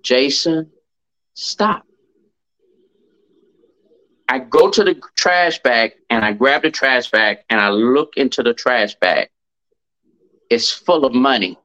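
A man's voice: mid-range voice, animated, unhurried, bright, forceful tone, rough recording. A middle-aged man, a podcast guest telling a personal story. He stresses and repeats key phrases.

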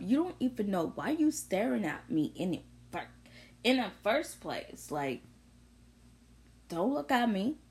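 A woman's voice: on the low side, a little mellow. A young woman vlogger ranting bluntly through an unscripted monologue, full of profanity and confrontation. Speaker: vlogger sharing opinions.

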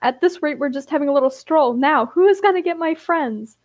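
A woman voicing a frantic, overprotective mother creature in a squeaky, panicky way. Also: brisk, a little mellow, close to an everyday voice.

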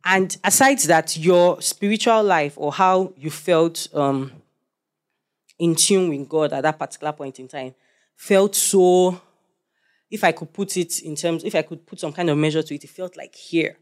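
A man's voice: a little high, moderate pace. Man preaching with playful questions. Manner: animated, jokes and quizzes the congregation. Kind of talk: sermon.

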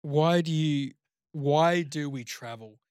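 A man with an Australian accent co-hosts a podcast, rambling through a long, crude story packed with swearing and "like." His voice is a little high, slow and somewhat mellow, with a clean tone and dry, echo-free studio sound.

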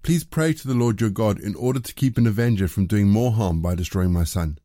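Male reader earnest pleading widow, mellow, dry. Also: lowish voice, fairly quick, no echo, natural voice.

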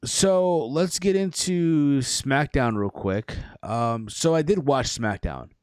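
A man on a wrestling podcast who rambles through his points, throwing in "listen" and "bro" along with casual swearing. His pitch swings widely as he talks, and the mic sounds dry and close. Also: expressive, slow, smooth, no echo. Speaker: podcast co-host.

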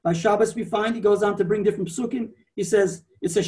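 A man gives a Torah class, explaining his points at length and wandering into asides. His voice sits high for a man. He sounds set back from the microphone. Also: normal speed, few pauses, a little mellow, far from the mic. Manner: explanatory, digressive, repeats himself. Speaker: Torah teacher.

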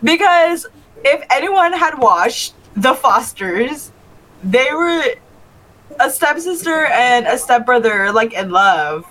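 A woman's voice: high-pitched, sing-song, takes it slowly, a bit bright, poor audio. A woman co-hosting a podcast in casual chat, giggly and gushing, often quoting people in mock voices. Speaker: podcast co-host.

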